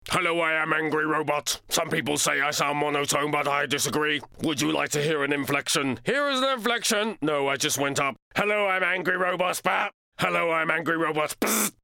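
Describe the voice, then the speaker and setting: A man voicing a grumpy male robot who speaks in a flat, robotic monotone. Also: a little high, brisk, vocal fry, few pauses, no echo, studio quality, pitched below the performer's own voice.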